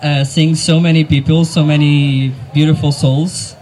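Guy mc-ing an outdoor walk on a mic, kinda high voice, choked up and halting, faint outdoor noise behind. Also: level tone, a little mellow, rough recording. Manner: emotional, halting, laughing between words. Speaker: event MC. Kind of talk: live outdoor event hosting. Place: outdoor event crowd gathering.

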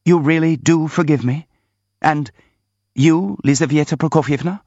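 A man voicing a gentle young prince who is overwhelmed and tender, speaking earnestly in a raised voice. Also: moderate pace, dry recording. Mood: pleading. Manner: earnest, pleading, higher voice. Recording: slightly dull dry recording.

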